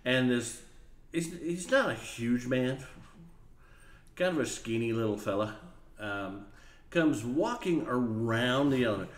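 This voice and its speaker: A man's voice: mid-range voice, a little slow, pauses often, reverberant. A man telling a funny story, acting out the voices of the people in it. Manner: animated, acts out voices and laughs while telling. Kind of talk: casual storytelling.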